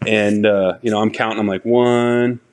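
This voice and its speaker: Animated storytelling veteran man. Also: on the low side, normal speed. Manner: animated storyteller, acts out quotes, laughs through stories. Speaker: guest, Army Ranger veteran. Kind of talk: casual podcast storytelling.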